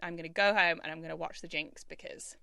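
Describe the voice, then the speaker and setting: A woman's voice: deep voice, steady tone, fast talker, creaky, pushed and bright, dry recording, clean studio sound. A woman co-hosting a podcast in a chatty, agreeable way, often chiming in. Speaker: podcast co-host. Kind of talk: casual chat.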